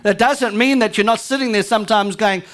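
A woman pastor preaching a live church sermon, energetic and calling out to the congregation. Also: mid-range voice, fairly quick. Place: church sanctuary.

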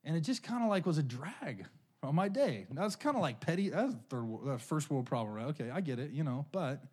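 A middle-aged man delivers a sermon in a loose, conversational way, leaning on personal stories and checking in with the congregation. His voice sits a little high for a man and swings widely in pitch as he talks. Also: big pitch swings, fairly quick, a little mellow, breathy edge. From California. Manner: casual, conversational storytelling with frequent "right?". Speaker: pastor.

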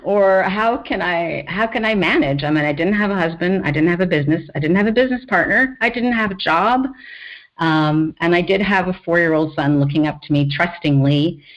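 A middle-aged woman, a screenwriter and author, telling her own story as a podcast guest, animated, often laughing and acting out quotes. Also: on the low side, a little fast, muffled recording.

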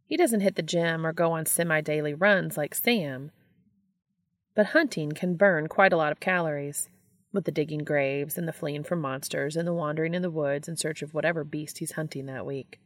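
A woman reading fan fiction aloud as an audiobook narrator, with a steady, even delivery. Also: deep voice, moderate pace, no room sound, clean studio sound. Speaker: podfic reader.

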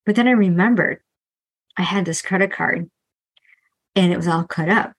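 A woman's voice: on the low side, breathy edge, rough recording. Earnest middle-aged woman confessing money woes. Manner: confessional and earnest, retelling her own debt story; restarts often and adds quick asides like "right?". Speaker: financial coach. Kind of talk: candid solo podcast monologue.

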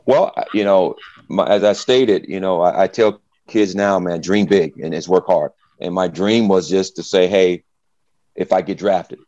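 A man's voice: low voice, measured pace, lo-fi sound. A middle-aged man, a former football player, tells his story in an interview and acts out the voices of the people in it. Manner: animated storyteller, acts out quotes.

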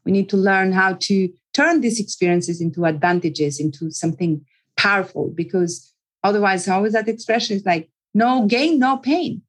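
A woman's voice: fairly low pitch, normal speed, low-quality recording. A woman psychologist, an interview guest, telling a personal story in an earnest way, repeating words and often restarting her sentences.

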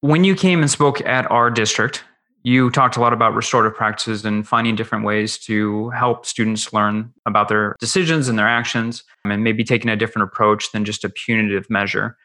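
A man's voice: lowish voice, fairly even intonation, fairly quick, sharp tone. A man hosting an interview who asks long, winding questions as a fellow educator. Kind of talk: conversational interview.

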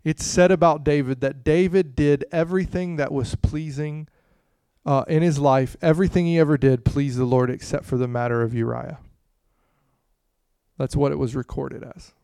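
Smooth-voiced man preaching a sermon. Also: fairly high pitch, moderate pace, no room sound, clean studio sound. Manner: animated, swings from hushed to loud; frequent "you know" asides. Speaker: pastor. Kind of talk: conversational sermon.

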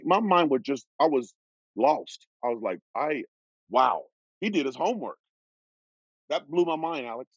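Fifties male guest from Oregon, ex-football pro; husky, animated, dry dull recording. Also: on the high side, measured pace, long pauses, no echo. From Oregon, USA. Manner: lively, laughs while telling stories. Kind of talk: animated storytelling.

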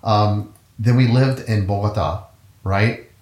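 A middle-aged man with a notably low voice tells his story as an interview guest. He rambles easily and corrects himself mid-sentence. The room around him sounds echoey. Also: steady tone, slow pace, a little mellow. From United States. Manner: rambling, self-correcting, easygoing. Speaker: guest, orchestral musician. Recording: roomy echo.

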